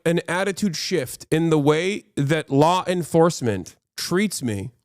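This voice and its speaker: A man's voice: fairly high pitch, no room sound, studio quality. A man giving casual livestream commentary as a political streamer, rambling and profane with frequent restarts.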